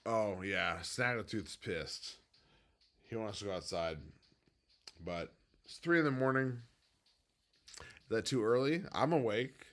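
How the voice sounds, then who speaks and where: A man hosting a casual late-night livestream from home, rambling off on tangents and swinging between quiet, low musing and loud, excited bursts. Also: takes it slowly, long pauses. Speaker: livestream host and business owner.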